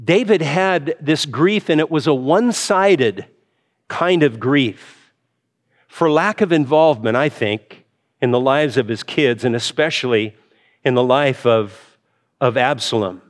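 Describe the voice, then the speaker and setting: A man's voice: medium pitch, a little slow. A man preaching a Bible sermon in an earnest way, repeating and restarting phrases and lifting his voice for emphasis.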